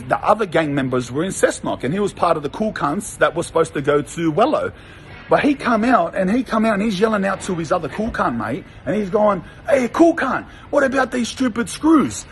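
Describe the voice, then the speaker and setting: A man's voice: sits high, a little hiss or hum, poor audio. A young Australian man, a former prisoner, telling stories in a blunt, profane, rambling way full of slang. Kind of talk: casual monologue.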